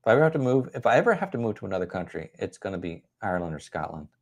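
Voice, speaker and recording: Chuckling, rambling man, slightly low voice. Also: vocal fry. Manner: rambling, chuckles often, self-deprecating humor. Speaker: livestream host. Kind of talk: casual livestream chat answering viewer comments.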